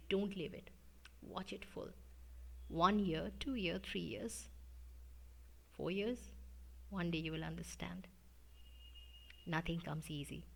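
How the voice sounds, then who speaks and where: A middle-aged woman from India with an Indian English accent, lecturing to students on learning English, with an expressive, sing-song delivery that drops at times to a whisper. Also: lowish voice, creaky. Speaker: English teacher.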